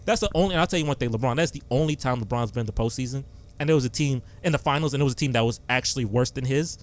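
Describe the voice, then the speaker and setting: Young guy hosting a sports podcast, talks super fast and gets all worked up. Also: mid-range voice. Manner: excitable, animated storytelling. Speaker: podcast host. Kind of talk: casual sports chat.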